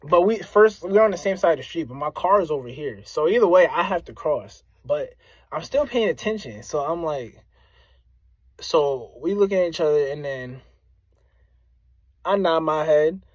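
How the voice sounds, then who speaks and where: A man's voice: a little high, moderate pace, dry recording. A man from Springfield, Massachusetts, a rapper, telling a story casually and talking straight to his listeners, often repeating himself for emphasis. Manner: animated, addresses listeners directly, repeats phrases for emphasis.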